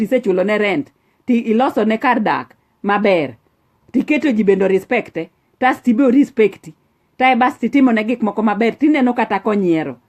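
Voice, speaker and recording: A woman's voice: a little high, a little mellow. A woman preaching a sermon, earnest and scolding, switching into English often.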